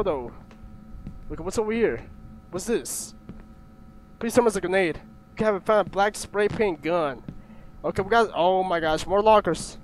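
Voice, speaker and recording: A man's voice: high-pitched, a little hiss or hum. A young man nervously commentating a horror game, jumpy, often swearing and yelping. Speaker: gaming YouTuber.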